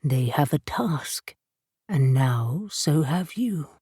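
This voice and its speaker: A woman voicing a calm, cryptic male talking cat familiar who speaks in grave, terse lines. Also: low-pitched, slow pace, slightly rough, dry recording, studio quality, voice pushed down, exaggerated voice.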